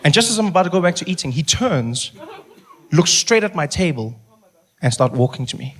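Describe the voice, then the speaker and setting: A young adult man with a South African accent telling a stand-up story, animated and self-mocking with quick asides. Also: a little high. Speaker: stand-up comedian. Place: comedy stage before an audience.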